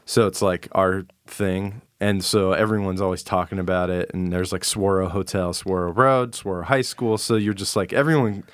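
Man, very low voice, from arizona, rambling wry podcast guest, dry recording. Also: steady tone, moderate pace, few pauses, clear, resonant tone, dry recording. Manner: rambling, wry, many restarts and fillers. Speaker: guest, cartoon creator. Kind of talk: casual podcast chat.

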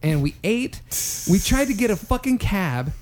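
High-voiced young man telling a story. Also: normal speed, a little hiss or hum. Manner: animated, profane storyteller who acts out quotes. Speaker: podcast co-host. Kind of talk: casual storytelling chat.

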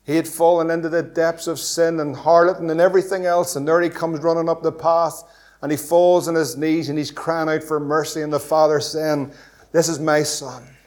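A man preaching an impassioned evangelistic sermon, asking rhetorical questions and swinging between loud and hushed delivery. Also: on the high side, little pitch movement, fairly quick. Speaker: pastor.

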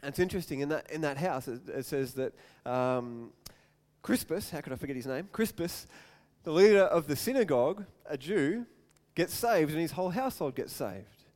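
A man preaching a sermon, telling stories and acting out quotes in loud bursts. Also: animated, moderate pace. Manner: storytelling, acts out quotes with sudden loud raised-pitch outbursts. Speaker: pastor. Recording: long hall reverb.

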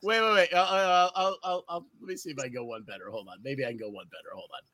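A man with a high, bright voice tells wild party stories to his friends over a video call. He swears freely, laughs through his own lines and keeps an animated storytelling energy. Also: quick pace. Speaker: host reminiscing with friends. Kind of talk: casual storytelling chat.

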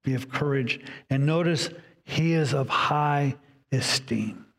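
A man preaching a sermon, reading scripture aloud and voicing inner dialogue with dramatic pauses. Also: medium pitch, fairly bright tone, in a large hall. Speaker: pastor.

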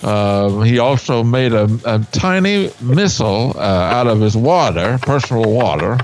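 A man's voice: medium pitch, expressive, unhurried, background noise. A man playing a news anchor in an improvised comedy newscast, delivering absurd nonsense with many fillers.

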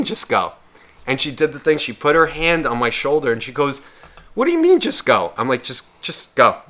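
A man co-hosting a podcast, telling a bar story in casual chat, swearing a lot and acting out what others said. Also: medium pitch. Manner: profane, animated, quotes others in shifting voices. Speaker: podcast co-host.

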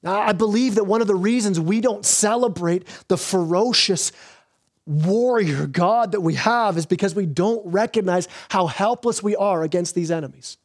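Male pastor, higher-pitched voice, earnest sermon delivery with frequent restarts. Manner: earnest preaching with repeated restarts, slows for emphasis.

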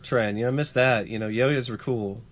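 A man's voice: mid-range voice, steady tone, normal speed. A young man co-hosting a podcast, reading news stories aloud and joking sarcastically between them. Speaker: podcast co-host.

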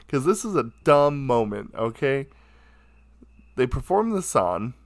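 A man recounts an embarrassing moment in an unhurried, drawn-out way, poking fun at himself and padding his sentences with "like" and "uh". His voice sits at a middle pitch. The sound is close and dry, with no room echo. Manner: self-mocking, chatty, heavy on fillers. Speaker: storyteller. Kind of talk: casual anecdote. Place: his own room at home.

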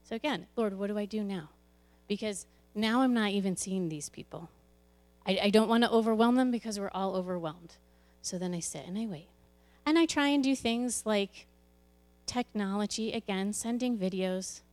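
A woman's voice: mid-range voice, moderate pace, a little mellow. Candid woman sharing a church testimony. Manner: candid, conversational, with frequent restarts. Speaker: children's ministry leader. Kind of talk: personal testimony to a congregation.

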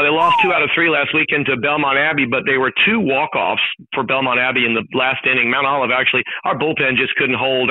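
A man's voice: mid-range voice, no room sound. A man, a sports announcer chatting as a radio show guest, talking with enthusiasm. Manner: enthusiastic, hyped storytelling. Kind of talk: casual radio chat. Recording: dry, phone-like line.

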